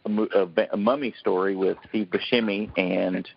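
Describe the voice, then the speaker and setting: Excitable man with a gravelly husky voice. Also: lowish voice, moderate pace. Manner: excitable storyteller, acts out quoted voices. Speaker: podcast panelist. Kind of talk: casual roundtable chat. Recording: dull lo-fi podcast audio.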